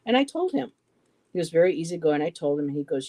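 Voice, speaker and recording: A woman in her fifties, co-hosting a live poetry stream, telling a personal story casually, halting often with "you know" and restarts. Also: deep voice, lively intonation, mellow. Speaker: poetry show co-host.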